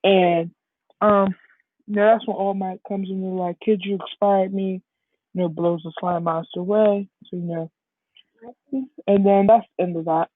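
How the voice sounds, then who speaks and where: A woman's voice: on the low side, fairly even intonation, moderate pace, long pauses, dry recording. A young woman casually retelling a fan story, rambling and full of fillers. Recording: tinny phone-like, dry.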